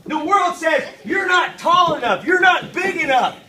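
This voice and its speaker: With an extremely high pitch and a slightly slow delivery, a children's minister leads a lively Bible lesson and calls out for the kids to repeat after her. The church meeting room is echoey, her voice is distant, and children's responses and crowd noise are loud.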